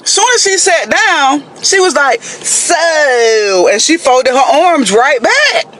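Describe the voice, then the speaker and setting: Guy with a really high bright voice spilling a date story, keeps going "y'all", jumps all over in pitch. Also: sing-song, unhurried, slight background noise. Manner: chatty, addresses listeners as y'all, dramatic asides. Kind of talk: animated casual storytelling to viewers.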